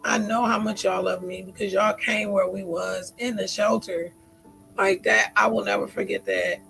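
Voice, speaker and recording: A woman's voice: medium pitch, fairly even intonation, normal speed, vocal fry, a bit bright, soft background music, low-quality recording. A woman in her forties hosting a candid personal vlog. She talks in an emotional, heartfelt way, with laughing asides. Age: 40s. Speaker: host.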